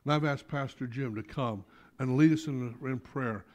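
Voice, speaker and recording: A middle-aged man preaching a sermon as pastor in a church, animated, rising to loud appeals and dropping to soft asides. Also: medium pitch, moderate pace. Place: church sanctuary.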